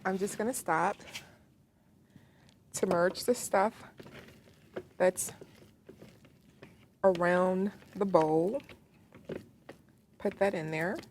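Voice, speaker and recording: A woman with a Southern accent leads a home cooking demonstration, talking slowly and warmly to the viewer in her own kitchen. Her voice sits a little low, and she chats along as she works. Faint background noise comes through the recording. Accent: Southern American. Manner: chatty, talks to the viewer while working. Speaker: cooking show host.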